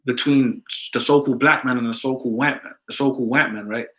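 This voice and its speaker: A man with a London accent talks in an emphatic, insistent way during a loose religious discussion. His voice sits at a middle pitch for a man, and he keeps punching his points home. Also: steady tone, fast talker, bright, forceful tone, poor audio. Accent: London English. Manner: emphatic, repeats "man" often. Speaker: discussion participant.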